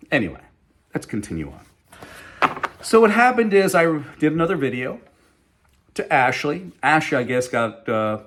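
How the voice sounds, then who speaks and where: A man's voice: on the high side, fairly bright tone. Emphatic indignant middle-aged man. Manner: emphatic and indignant, addresses viewers directly. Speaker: company CEO. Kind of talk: direct-to-camera protest vlog.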